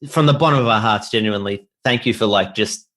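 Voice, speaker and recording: A man's voice: lowish voice, fast, fairly bright tone. Australian man, comedy guest, casual chat, earnest, laughs often. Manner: earnest, laughing, says "mate". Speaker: comedy group member, guest.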